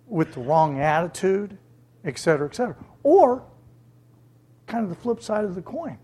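A preacher delivering a sermon with emphasis, repeating key words for stress and acting out the voices of others with sudden jumps in pitch. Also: sing-song, normal speed, long pauses, warm tone, husky.

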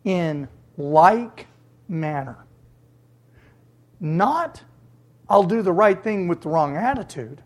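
Preacher, sermon, slow and deliberate, husky, emphatic repetition. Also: mid-range voice, expressive, a little mellow. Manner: emphatic, repeats key words for stress.

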